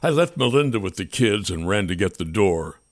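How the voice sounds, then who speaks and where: A man narrating a first-person audiobook with expressive, tense storytelling. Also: fairly low pitch, normal speed, dry recording, clean studio sound.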